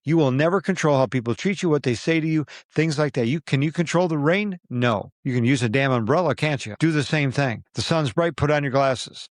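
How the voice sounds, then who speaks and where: A man's voice: medium pitch, dry recording, clean studio sound. Emphatic man giving a motivational talk. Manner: emphatic, repetitive, coaching tone. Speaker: podcast host.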